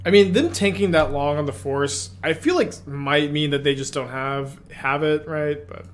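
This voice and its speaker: A man's voice: fairly high pitch, normal speed, a little hiss or hum. A man playing an online card game and thinking aloud as he plays, musing, correcting himself and muttering asides.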